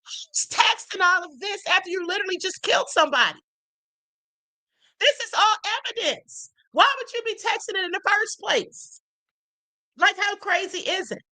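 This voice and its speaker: A woman's voice: very high voice, lively intonation, moderate pace, pushed and bright, low-quality recording. A woman hosting a livestream, giving casual commentary as she reads text messages aloud, full of emphatic rhetorical questions. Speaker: livestream host.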